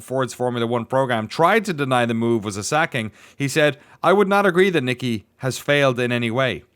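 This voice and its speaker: A man's voice: mid-range voice, fairly bright tone, clean tone. A man co-hosting a casual motorsport podcast, musing in a rambling way with dry asides. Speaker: podcast co-host.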